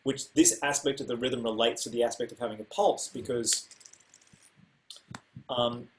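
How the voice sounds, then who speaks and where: A man teaching music in a casual way, stepping through rhythms by voicing them on repeated syllables with loud and soft accents. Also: medium pitch, steady tone, normal speed, slight background noise. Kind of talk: casual instructional talk.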